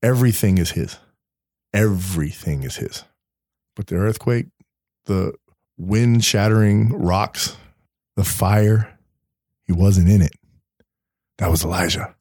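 A man telling a story in a casual faith podcast chat, animated, restarting words and laughing often. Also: fairly low pitch, takes it slowly, pauses often, dry recording, clean studio sound.

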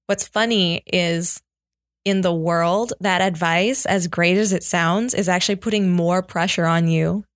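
Lower-voiced woman sharing candidly. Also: dry recording, clean studio sound. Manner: candid, reflective personal sharing. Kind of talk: casual faith podcast chat.

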